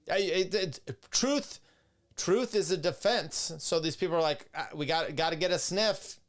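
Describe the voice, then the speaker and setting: A man hosting a livestream, reading court rulings aloud in a casual, rambling way and breaking off for sarcastic asides. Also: medium pitch. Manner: casual, rambling, with fillers and restarts. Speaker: podcast host. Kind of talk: livestream legal commentary.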